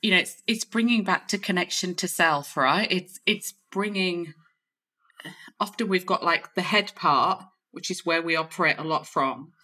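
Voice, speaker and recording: Deep-voiced, bright-toned woman coach. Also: moderate pace. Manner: warm, affirming coaching talk. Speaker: podcast host and confidence coach. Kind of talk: casual chat.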